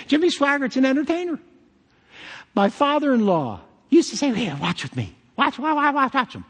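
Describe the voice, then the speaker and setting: Emphatic preaching man. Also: on the high side. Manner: emphatic, with joking asides. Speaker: pastor. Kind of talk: sermon. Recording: long hall reverb.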